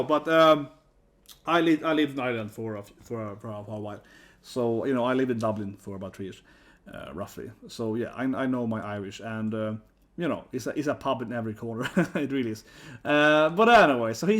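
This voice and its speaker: A man giving a casual, rambling commentary vlog, often tagging sentences with 'right?'. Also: mid-range voice. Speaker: YouTube commentator.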